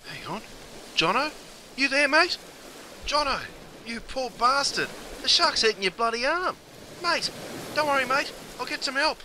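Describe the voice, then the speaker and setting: Aussie guy, super bright tense voice, high and jumpy, broad slang. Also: lively intonation, normal speed, slight background noise. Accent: Australian. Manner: broad ocker slang, swears casually. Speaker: comic character Brucey. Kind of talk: comedy sketch acting.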